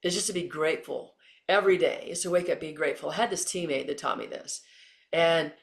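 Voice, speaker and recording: A middle-aged woman from Texas, a former Olympian and coach, answering interview questions as an animated storyteller who acts out the quotes. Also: sits low, fairly quick.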